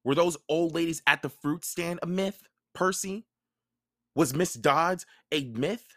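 A man voicing a nervous, touchy young male satyr with a high, hesitant voice. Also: measured pace, fairly bright tone, dry recording, clean studio sound. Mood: urgent.

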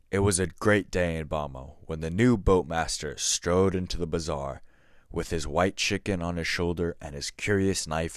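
Reading a story for his podcast, a very deep-voiced man narrates in a measured, scripted way. The sound is close and dry.

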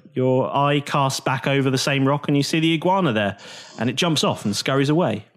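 A man's voice: medium pitch, fairly quick. A man narrating a tabletop game as game master, playful and often laughing.

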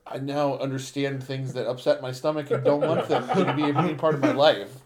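A man co-hosting a podcast, telling stories in a rambling, animated way full of fillers. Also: medium pitch, a little fast, over a noisy crowd. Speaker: podcast co-host. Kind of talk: casual chat.

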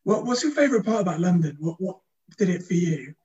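A man's voice: high voice, lively intonation, quick pace, a little mellow, husky, dull audio. A man interviewing a guest, asking easygoing questions with brief backchannel replies. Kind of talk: casual interview.

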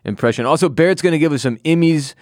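A man's voice: on the high side, quick pace, darkish tone, no echo, studio quality. A man co-hosting a podcast, chatting casually and joking with his partner. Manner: joking, playful banter. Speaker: podcast co-host. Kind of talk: casual chat.

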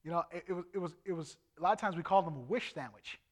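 Man, evangelist, middle-aged, testimony sermon, animated, loud to hushed, fairly high voice. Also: very fast.

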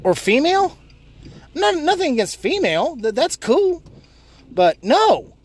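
A man ranting and swearing constantly while driving, yelling at other drivers between complaints. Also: very high-pitched, very animated, unhurried. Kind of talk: profane driving rant. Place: inside a car while driving.

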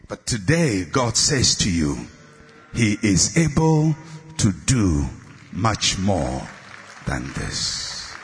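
Shouting preacher in a reverberant hall. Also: male voice. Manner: impassioned, rising to shouts and dropping low on refrains. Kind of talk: sermon.

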